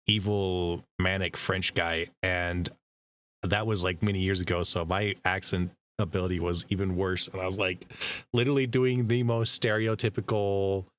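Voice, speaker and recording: A man hosting a casual interview chat, chatty and quick to laugh, speeding up as he tells stories. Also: low voice, flat delivery, a bit bright. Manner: chatty, laughs easily, speeds up when storytelling. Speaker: podcast host and voice actor.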